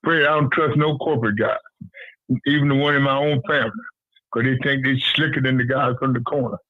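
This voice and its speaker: A guest on a boxing talk show phones in for a casual chat, talking boxing bluntly and repetitively with street slang. His mid-range voice is steady and a little fast, coming through a tinny, dry phone line.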